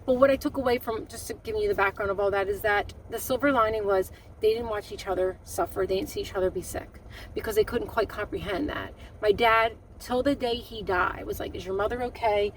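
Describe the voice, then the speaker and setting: A woman's voice: medium pitch, fairly even intonation, recorded from a distance, slight background noise, poor audio. Woman telling a painful family story. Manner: emotional, halting, many restarts and fillers. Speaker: vlogger. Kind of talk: personal storytelling to camera.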